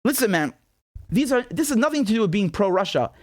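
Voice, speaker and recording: A man's voice: sits high, very animated, brisk, no echo, studio quality. A man from Britain hosting his own commentary show, speaking in an incredulous, sarcastic manner with many repeated rhetorical questions. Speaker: independent journalist and show host. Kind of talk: commentary monologue to camera.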